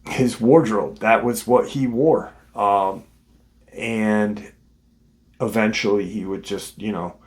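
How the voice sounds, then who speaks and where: Male host, low voice, unhurried, off-the-cuff storytelling full of ums and restarts. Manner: unscripted, many ums and restarts. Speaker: host of a paranormal encounter channel. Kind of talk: casual spoken retelling of a listener's story.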